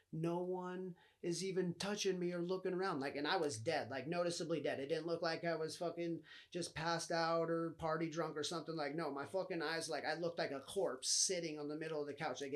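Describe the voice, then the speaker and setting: A young man hosting a podcast, telling his own story in a loose, profane, rambling way with lots of fillers. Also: on the high side. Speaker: podcast host. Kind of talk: casual storytelling monologue.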